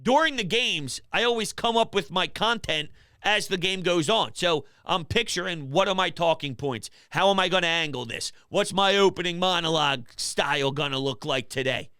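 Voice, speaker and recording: A man hosting a call-in sports talk show from his home office, venting in a dejected, low-key way. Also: normal speed, sharp tone, clean tone, dry recording, clean studio sound.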